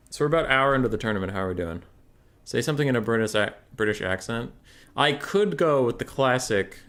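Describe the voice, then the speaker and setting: Lively intonation and a fairly bright tone mark this young streamer's mid-range voice as he talks fast through casual livestream commentary. A tournament caster by trade, he chats away and responds aloud to questions from chat.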